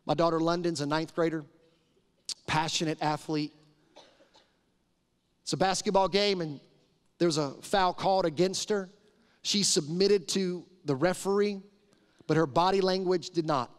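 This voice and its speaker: Middle-aged man, pastor, on a live mic; emphatic, conversational preaching; somewhat higher voice; long sanctuary reverb. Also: measured pace, long pauses, clean tone. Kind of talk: sermon. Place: large church sanctuary.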